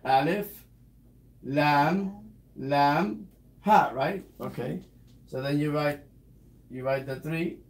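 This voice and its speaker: A man teaching a beginner one-on-one in a casual lesson, patiently repeating words slowly. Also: a little high. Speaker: Arabic teacher.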